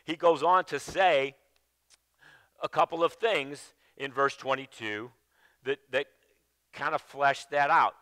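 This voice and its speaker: A man preaching a sermon at a slow, deliberate pace with a bright, forceful tone. He stresses key words and then drops to a low, quiet voice, repeating phrases as he restarts his thoughts. The sound is dry and close. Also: no echo. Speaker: pastor. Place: church sanctuary.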